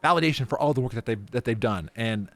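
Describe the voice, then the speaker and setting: A man's voice: mid-range voice, fairly bright tone. A man hosting a podcast, chatting casually and with enthusiasm, often restarting his sentences. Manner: enthusiastic, halting, many restarts. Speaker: podcast host. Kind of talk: casual chat.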